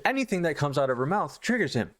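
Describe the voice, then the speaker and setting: A man's voice: on the high side, very animated, fast, fairly bright tone. A man giving casual review commentary, sarcastic and exasperated. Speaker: horror anthology reviewer.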